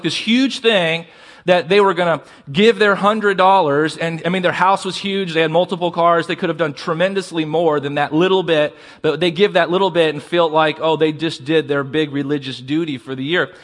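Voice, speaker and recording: A man preaching a sermon as pastor, asking the congregation for responses and slowing down to stress key words. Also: on the high side, fairly bright tone.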